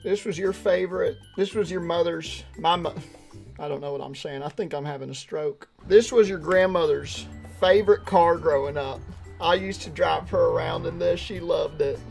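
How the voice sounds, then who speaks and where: A man doing a jittery old grandpa who rambles and panics on a live game stream. His voice sits high. Steady game music runs under it. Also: normal speed, creaky. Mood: nostalgic. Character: frantic, jumpy old grandpa driving kids. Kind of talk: live gameplay role-play.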